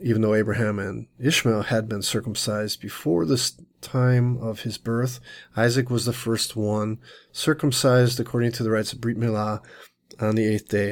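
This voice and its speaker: A man delivers a Bible teaching in an earnest, explanatory manner. His voice sits at a middle pitch, and he often stumbles and restarts his phrases as he works through the text. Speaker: Messianic teacher.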